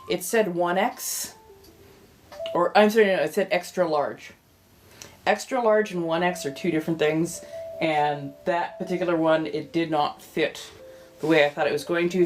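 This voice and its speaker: A woman with a relaxed Californian accent talks in a lower register, drifting loosely from topic to topic. She breaks off now and then to welcome arriving viewers. Soft music plays faintly behind her. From California, United States. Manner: rambling, chatty, greets viewers warmly as they arrive. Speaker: livestream host. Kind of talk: casual livestream chat.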